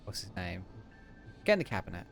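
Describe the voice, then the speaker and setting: A man's voice: low voice, sing-song, a little fast, vocal fry, faint music behind. A male streamer in casual, swearing gaming commentary.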